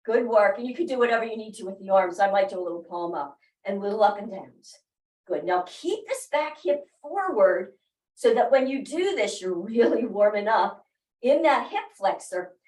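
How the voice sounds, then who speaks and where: A woman's voice: mid-range voice, animated, moderate pace, darkish tone. A woman leading a workout class, cueing moves, counting reps and encouraging her group. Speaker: fitness instructor. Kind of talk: live workout class instruction. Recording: roomy, mic far off.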